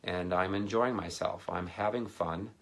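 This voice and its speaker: A man with a low, gravelly voice tells a rambling personal story in a relaxed sermon. He drifts into animated quoted voices as he talks. His speech is loose and anecdotal, full of fillers and asides. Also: unhurried. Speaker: ministry speaker.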